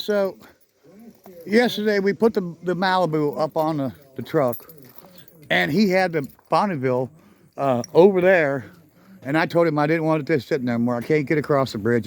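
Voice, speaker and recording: Middle-aged guy rambling on his garage vlog outside, kinda high voice, crickets in the background, keeps correcting himself. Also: expressive, moderate pace. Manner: rambling, self-correcting, chuckles often. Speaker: garage channel vlogger. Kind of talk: casual vlog chat. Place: outdoors at a home garage.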